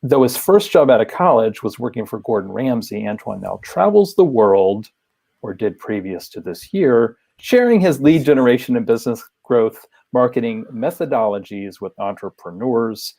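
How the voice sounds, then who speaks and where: A man's voice: medium pitch, lively intonation, creaky, mellow. Man hosting a speaker series. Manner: brisk formal introduction. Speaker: host. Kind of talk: event introduction.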